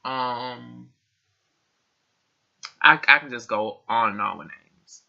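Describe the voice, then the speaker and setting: A man's voice: mid-range voice, slow pace, gravelly, muffled recording. A young man answering questions in a casual tag video, chatty and laughing often as he repeats himself. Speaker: vlogger. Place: his room.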